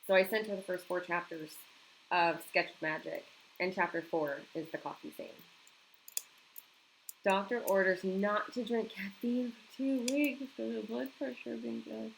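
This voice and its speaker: A woman's voice: on the high side, normal speed, gravelly, a little hiss or hum, low-quality recording. A woman chatting casually on a home live stream, reacting to viewer comments and laughing often.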